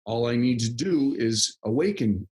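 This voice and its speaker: A man's voice: medium pitch, lively intonation, normal speed, a little mellow. A young man chatting casually as a podcast guest, rambling with lots of fillers and frequent laughs. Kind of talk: casual conversation.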